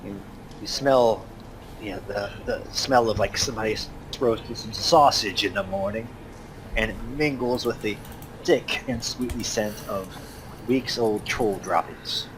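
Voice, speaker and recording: A man's voice: fairly low pitch, measured pace, fairly bright tone, a little hiss or hum. A man narrating a tabletop game as game master, hesitant and full of fillers. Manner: hesitant, filler-heavy, lots of "kinda".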